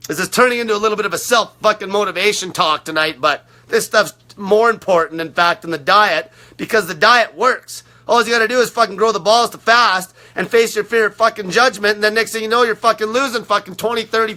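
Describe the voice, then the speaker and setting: A man in his thirties rants at his listeners, swearing nearly every sentence and hammering the same phrases over and over. His voice sits very high and cuts sharply. He sounds like a blunt, aggressive motivator for his own diet group. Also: fairly quick, few pauses, bright, forceful tone. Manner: aggressive, profane, repetitive. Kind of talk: profane motivational rant.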